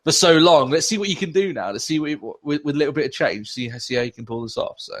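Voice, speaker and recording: Laughing male podcast co-host, slightly high voice. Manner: laughs easily, adds quick reactions and opinions. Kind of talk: casual chat.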